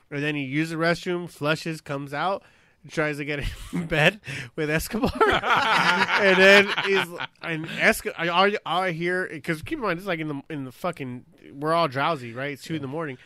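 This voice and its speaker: A former Marine telling profane barracks stories in casual chat, laughing often. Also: male voice, fairly high pitch, moderate pace, pushed and bright, no room sound, clean studio sound.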